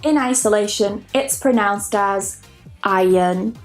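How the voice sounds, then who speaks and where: A woman teaching English pronunciation in a clear, measured instructional video. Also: fairly high pitch, darkish tone, faint music behind.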